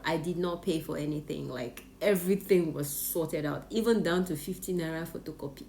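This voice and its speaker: A woman's voice: lowish voice, darkish tone, a little hiss or hum. A Nigerian woman with a Nigerian English accent, animatedly telling a personal story on her vlog with plenty of laughter. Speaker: vlogger. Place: Japan.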